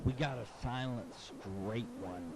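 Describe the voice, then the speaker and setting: A man's voice: mid-range voice, takes it slowly, very noisy. A man hosting an internet radio show, telling a rambling, profane story and taking calls. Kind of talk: profane call-in radio rant.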